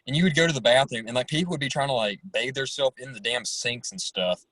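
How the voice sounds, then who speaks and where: A young man speaking as a guest over a video call, talking haltingly with many "like" and "I mean" fillers. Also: medium pitch, pushed and bright, dry recording, rough recording. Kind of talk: casual chat.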